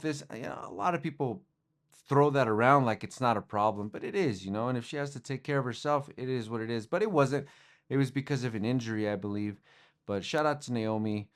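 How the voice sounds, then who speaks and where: A man's voice: lowish voice, moderate pace. A young man hosting a podcast, talking through sports news in a rambling, casual way with lots of fillers and restarts. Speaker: podcast host.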